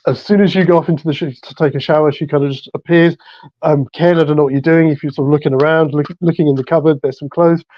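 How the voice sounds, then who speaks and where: An easygoing man runs a tabletop game, narrating scenes and laughing along with his players. His voice sits a little high. The sound is dull and lo-fi and very dry, with no room around it. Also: fairly even intonation, fast talker, dry recording. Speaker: game master.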